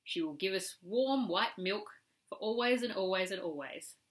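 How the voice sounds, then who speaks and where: A woman's voice: mid-range voice, lively intonation, normal speed, close to an everyday voice. A woman doing a firm cave woman. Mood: declaring. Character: first woman of the cave, calm and commanding.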